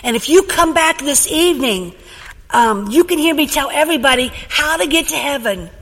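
A woman's voice: high voice, animated, normal speed, fairly bright tone. A woman voicing a friendly male evangelist preacher in a story, in an echoey church hall.

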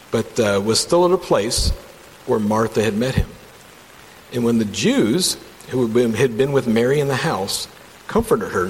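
A man leading a casual Bible study from home, reading passages and commenting with enthusiasm in a conversational way. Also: mid-range voice. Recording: long reverb, faint background hum.

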